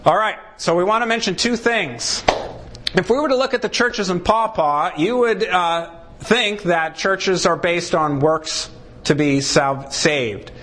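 A man's voice: unhurried, slight background noise. A man preaching a sermon, acting out short exchanges and punching key words for emphasis. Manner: animated preaching, swings pitch widely for emphasis; acts out short dialogues between God and a sinner. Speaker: pastor.

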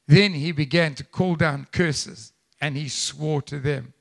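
A man preaching a live church sermon, animated and conversational, with frequent asides and rhetorical questions to the congregation. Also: a little high, a little slow, gravelly. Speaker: pastor. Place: church service.

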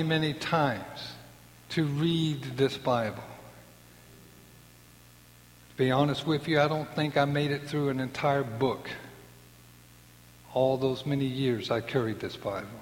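A man in his sixties giving an earnest personal faith testimony, acting out the voices of people in his story. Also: medium pitch. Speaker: testimony speaker. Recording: long hall reverb.

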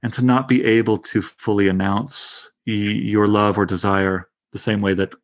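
A man's voice: lowish voice, steady tone, normal speed. A man in his thirties leading a casual literary discussion, enthusiastic and stumbling over restarts. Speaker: discussion leader.

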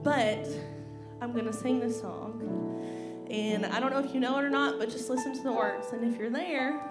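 A woman's voice: on the high side, fairly even intonation, moderate pace. A heavily pregnant, congested woman giving a candid personal testimony in church, near tears and laughing through it. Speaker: pastor's wife and singer. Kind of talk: personal testimony before singing. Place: church sanctuary. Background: piano and guitar playing.

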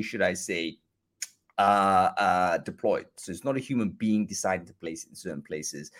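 A man hosting a live online show, chatty and filled with ums and uhs, talking from a room by a bright window. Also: low voice. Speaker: host.

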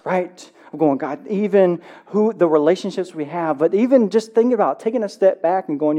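A male pastor in his thirties delivers a sermon, reading a passage aloud before breaking into lively, conversational commentary. His voice sits high for a man, with a dark, mellow tone. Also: fairly quick, muffled recording. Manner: reads scripture then preaches with animated asides.

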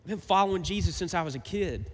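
A man in his thirties preaching a sermon, swinging between emphatic and quiet, reflective passages. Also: high voice, lively intonation, fast, husky. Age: 30s. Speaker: pastor. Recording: reverberant hall.

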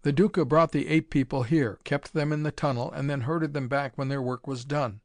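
A man's voice: fairly high pitch, fairly even intonation, moderate pace, no room sound, close to an everyday voice. A man reading an audiobook, voicing a brave young woman of a lost tribe in a slightly raised, earnest voice.

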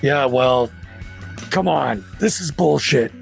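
A man voicing a big, angry male goliath who talks in a gruff, cursing way. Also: mid-range voice, lively intonation, slow pace, faint music behind, heavily acted.

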